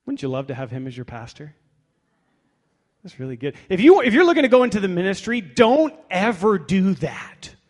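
Man pastor, sermon, fairly high voice, wry, conversational, long church reverb. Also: big pitch swings, normal speed. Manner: conversational, wry, reads scripture aloud.

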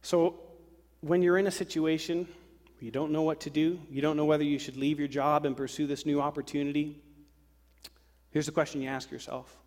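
A man preaching a sermon to a congregation, lively and acting out worried voices. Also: on the high side, moderate pace. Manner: animated, acts out worried voices. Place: church sanctuary. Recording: long hall reverb.

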